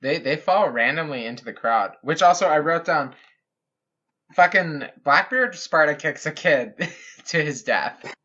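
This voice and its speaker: Bright sharp-voiced guy cracking up on a podcast, swears a lot, muffled lo-fi audio. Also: a little high, expressive, unhurried. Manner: laughing, exasperated, swears for emphasis. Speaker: podcast co-host. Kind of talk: casual comedic chat.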